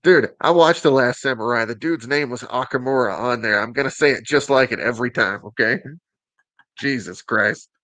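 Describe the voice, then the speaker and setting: Southern man, show host, joking and upbeat, mid-pitched, dry sound. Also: normal speed, pushed and bright, no echo. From Alabama. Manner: joking, upbeat, teasing asides. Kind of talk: casual show presentation.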